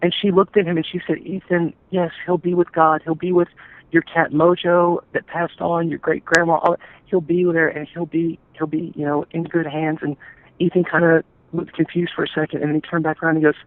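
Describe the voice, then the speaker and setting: A man telling his family's story in an interview, earnest and halting, often restarting his sentences. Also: on the high side, fairly even intonation, a little hiss or hum. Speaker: interview guest, stepfather. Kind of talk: emotional personal account. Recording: tinny phone-like call audio.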